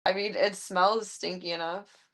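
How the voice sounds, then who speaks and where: A woman's voice: medium pitch, fairly even intonation, a little slow, fairly bright tone. A woman live streamer at home, chatting casually and talking to her pets in an amused, baffled way. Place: at home with her cats and dogs.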